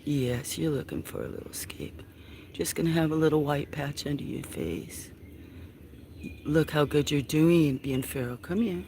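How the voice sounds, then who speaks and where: A livestream host chatting casually with viewers, switching to soft baby talk and hushed whispers for a kitten, outdoors near home. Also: mid-range voice, sing-song, normal speed, vocal fry, noisy background. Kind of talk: casual live stream chat.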